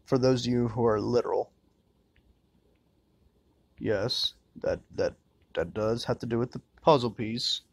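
A man's voice: mid-range voice, fairly even intonation, unhurried, pauses often, husky, dry recording. A man doing crude, joking commentary while playing a horror game, muttering and swearing to himself. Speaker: let's-play gamer.

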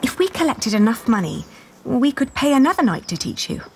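A woman's voice: on the high side, very animated, a little fast, creaky, slight background noise. A determined young noblewoman. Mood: reassuring. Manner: earnest, persuasive, reassuring. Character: young noblewoman, resourceful and determined older sister. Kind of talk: video game voice acting.

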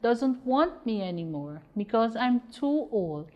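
A woman's voice: fairly high pitch, sing-song, a little slow, pitched above the performer's own voice. Unwanted old storybook cat, read by a Guyanese woman, slightly muffled. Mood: sad.

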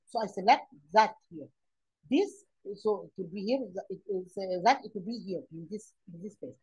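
A woman's voice: mid-range voice, darkish tone, husky, rough recording. A woman teaching an English grammar lesson online, explaining step by step with many fillers and questions to the pupils.

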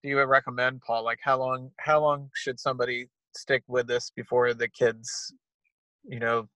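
A man's voice: mid-range voice, level tone, moderate pace, pushed and bright, no echo, poor audio. A man moderating a webinar over a video call, reading chat comments aloud and prompting attendees. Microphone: video call microphone.

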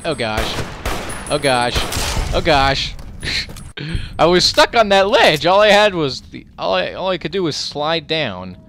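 A man giving let's play commentary over his gameplay. He reacts loudly and profanely, talks back at the enemies and mutters while he loots. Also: a little high, slow, a little hiss or hum. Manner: excitable, profane, talks to the game as he plays. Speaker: gaming commentator.

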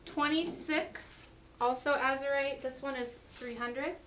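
A woman's voice: high-pitched, fairly even intonation, a little slow, fairly bright tone, recorded from a distance, slight background noise, poor audio. A woman hosting a live jewelry sale, chatty and upbeat as she reads out lot numbers and prices, her voice getting worn. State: losing her voice.

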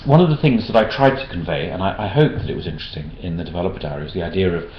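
A man's voice: low voice, racing, a little hiss or hum. A man answering backer questions in a casual chat, hesitant, with many restarts. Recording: roomy dull-sounding room recording.

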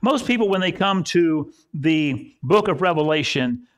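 A man preaches at a church service in a relaxed, storytelling way. His voice sits on the higher side for a man. He builds points by repeating phrases. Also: a little slow, few pauses. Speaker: pastor. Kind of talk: sermon.

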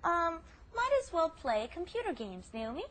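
A woman's voice: very high-pitched, sing-song, normal speed, a bit bright. A woman co-hosting a casual language lesson podcast, chatty and laughing as she explains patiently. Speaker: language teacher co-host.

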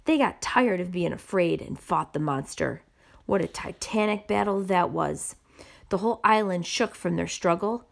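A woman reading a children's picture book aloud with expressive narration. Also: on the low side, moderate pace, vocal fry. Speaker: storybook reader.

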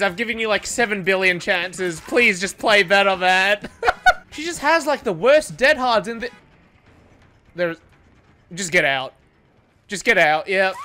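A man commentating his own gameplay in a loose, joking way, laughing often and teasing players with slang. His voice is bright and swings widely in pitch, with faint music under him. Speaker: gaming YouTuber.

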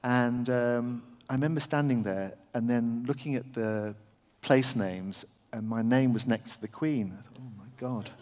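A middle-aged English man tells a live anecdote to a festival crowd. He talks in a halting, self-deprecating way, with many fillers and restarts. His voice sits mid-pitch and rings with the long reverb of a big hall. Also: darkish tone. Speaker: surgeon telling a story on stage. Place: large festival venue with audience.

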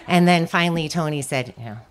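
A woman with a deep, low voice gives a memorial tribute in a church. She speaks unhurriedly and pauses often to gather her words, with plenty of small hesitations. The talk is personal and fond. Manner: unhurried, hesitant with frequent ums. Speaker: daughter speaking at a memorial service.

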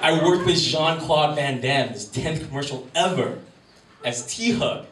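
His voice fairly high and a little slow, a Wisconsin man in his 30s delivers a rambling, self-deprecating stand-up routine in a comedy club. The recording comes from a distant mic in a roomy live venue, with crowd ambience, room noise and audience in the background.

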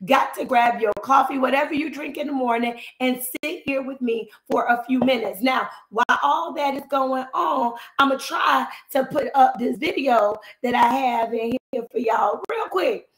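A finance coach livestreams by phone from home while cutting flowers, chatting straight to viewers in an animated way. Her high voice is slightly hoarse, as if she's losing it, and she talks at normal speed with few pauses. The room is echoey and the audio poor.

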